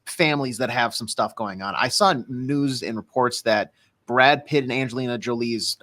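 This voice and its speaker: A man's voice: mid-range voice, moderate pace, bright, forceful tone. A man co-hosting a radio talk show, raising a topic tentatively and asking questions. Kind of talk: casual radio show chat.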